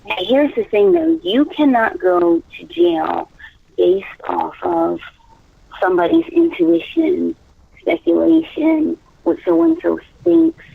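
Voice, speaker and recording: A woman's voice: fairly high pitch, sing-song, takes it slowly, vocal fry, husky, no room sound. A woman on a phone call, starting hesitantly and then explaining her point insistently. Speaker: caller on a recorded phone call. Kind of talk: casual phone conversation. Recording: tinny phone line.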